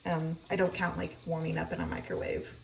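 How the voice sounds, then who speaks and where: A woman's voice: low-pitched, very animated, a little fast, vocal fry, distant mic, slight background noise. A young woman vlogger chatting casually while she cooks at home, rambling with lots of ums as she explains her routine. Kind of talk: casual chat while cooking. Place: home kitchen. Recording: echoey kitchen, voice often off-mic. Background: frying sizzle.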